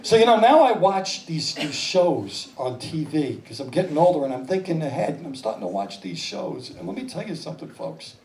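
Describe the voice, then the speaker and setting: A male stand-up comedian in his fifties with a high, lively voice, jumping into silly voices. He sounds a little far from the mic. An echoey club and a laughing crowd sit behind him. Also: moderate pace, hardly any pauses, a little hiss or hum. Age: 50s. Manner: animated, slipping into exaggerated voices. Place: small comedy club stage. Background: audience laughter.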